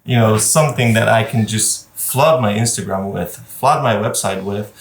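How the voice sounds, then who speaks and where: A man's voice: lowish voice, normal speed, a little hiss or hum. A man, a wedding photographer guest, telling stories in casual podcast chat and laughing as he talks. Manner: storytelling, chatty, laughs while talking. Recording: roomy and distant from the mic.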